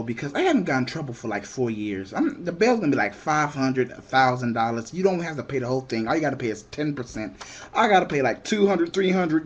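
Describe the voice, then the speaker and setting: A young man telling a comic story in an excitable way, shouting the punchlines and acting out the other people in it. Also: a little high, a little fast, slightly rough, muffled recording.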